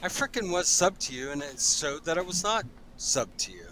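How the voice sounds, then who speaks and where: Crude teasing man, lively voice. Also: fairly high pitch, moderate pace, a crowd in the background. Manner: crude, mock-insulting banter. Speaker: panelist. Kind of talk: casual panel chat.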